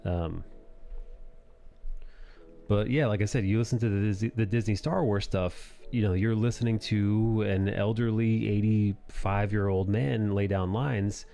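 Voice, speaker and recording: Rambling, cursing low-voiced man. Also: unhurried, vocal fry, dark tone, soft background music. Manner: rambling, profane, self-correcting. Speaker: live-stream host and comic artist. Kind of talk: casual chat on a drawing stream.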